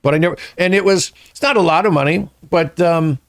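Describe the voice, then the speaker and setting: A man's voice: on the high side, a little fast, no room sound, clean studio sound. A man, a stand-up comedian guest, telling rambling anecdotes in casual chat and acting out the quotes.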